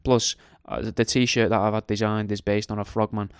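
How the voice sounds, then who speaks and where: A man's voice: on the low side, flat delivery, normal speed, clean tone, dry recording, clean studio sound. Joking man hosting a radio show. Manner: jokey, crude and digressive, tag questions. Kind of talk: casual rambling monologue.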